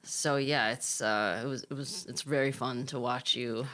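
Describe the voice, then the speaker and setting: A woman's voice: rumbling low, steady tone, moderate pace, fairly bright tone. A woman co-hosting an interview, speaking hesitantly with many fillers.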